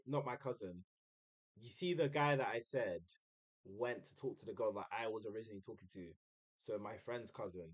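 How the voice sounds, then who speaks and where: Young guy, streamer, relaxed slangy storyteller. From United Kingdom. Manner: chatty, uses slang, mimics others in a high voice. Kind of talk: casual storytelling.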